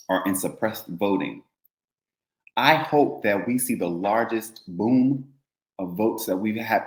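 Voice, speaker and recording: A man's voice: on the low side, roomy sound, poor audio. A man co-hosting a casual news commentary show, talking in an impassioned, preachy way and repeating phrases for emphasis. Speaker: co-host.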